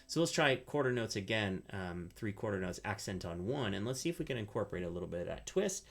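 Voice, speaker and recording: Ukulele teacher, man, low voice, counts beats aloud and explains strumming technique. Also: lively intonation, fast talker. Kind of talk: instructional tutorial. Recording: loud ukulele playing behind the voice.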